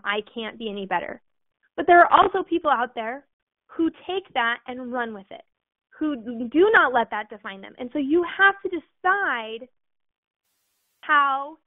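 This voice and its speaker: A woman's voice: high voice, no echo. A woman in her thirties giving an earnest motivational talk, telling stories with casual fillers. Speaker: motivational speaker. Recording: tinny phone-like sound.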